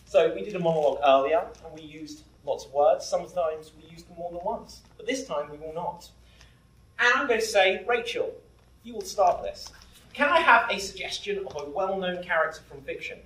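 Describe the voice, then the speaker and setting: A man hosting a live improv comedy show, jokey and self-deprecating, quickly setting up games. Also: high voice, a bit bright, recorded from a distance. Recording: roomy stage sound from afar.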